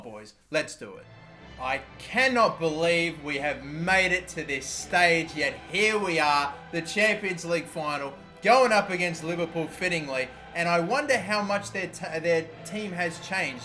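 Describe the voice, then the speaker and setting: A young Australian man commentating his own football video game, swearing freely and bursting into shouts when his team scores. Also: on the high side. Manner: swears often, erupts into shouting at goals. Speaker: gaming YouTuber. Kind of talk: live gameplay commentary.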